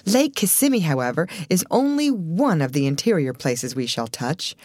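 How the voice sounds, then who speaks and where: A woman's voice: low voice, sing-song, normal speed, darkish tone, dry recording, studio quality. A woman voicing a middle-aged male film company manager who speaks firmly and lays out plans. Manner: firm, organizing, reassuring.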